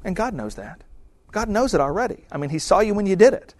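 A man's voice: sits high, very animated, fast talker, a little mellow, no room sound. A married man preaching a sermon in a conversational style, often acting out quoted prayers and remarks. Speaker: pastor.

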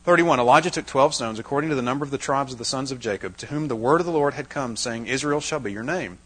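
Husky-voiced man preaching a sermon. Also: medium pitch, quick pace, poor audio. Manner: lively, dramatizes scripture with wry asides. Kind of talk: Bible teaching sermon. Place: room with a live audience.

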